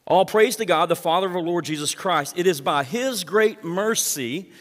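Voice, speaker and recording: A pastor delivers a sermon, reading verses and explaining them with emphatic rises and asides to the congregation. He has a high male voice, speaks at a moderate pace, and a long reverb tail trails his words.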